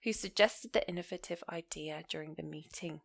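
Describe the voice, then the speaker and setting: Woman teacher, clear explanatory delivery, walks through grammar examples and quizzes the listener. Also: low voice, brisk. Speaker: English teacher. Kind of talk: online grammar lesson.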